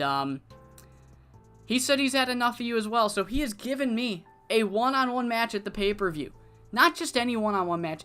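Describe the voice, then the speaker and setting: A foul-mouthed young male wrestler snarls profane threats at a rival who skipped the show, as a streamer puts him on. He swears his way through the promo in a medium-pitched voice. Quiet music plays underneath. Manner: profane, menacing trash talk.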